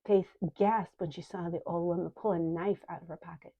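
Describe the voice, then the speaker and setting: An older woman, an author narrating her own book in calm, even storytelling. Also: lowish voice, moderate pace, creaky. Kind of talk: audiobook narration. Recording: dull lo-fi recording.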